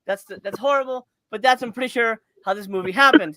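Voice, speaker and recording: A podcast host with a bright, forceful, mid-range voice rambles through a casual movie review, talking fast with hardly any pauses. The delivery is loose and profane with frequent laughter, and the sound is dry and close with no room echo.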